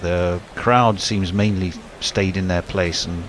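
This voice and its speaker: A man's voice: deep voice, steady tone, slow pace, a little hiss or hum. A man, a cricket commentator chatting casually and joking with a chuckle.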